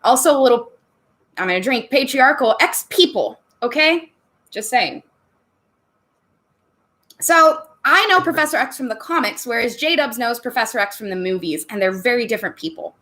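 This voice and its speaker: A woman's voice: on the high side, expressive, normal speed, pushed and bright. Bubbly woman chatting on a livestream. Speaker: livestream host. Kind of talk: casual livestream chat. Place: home room.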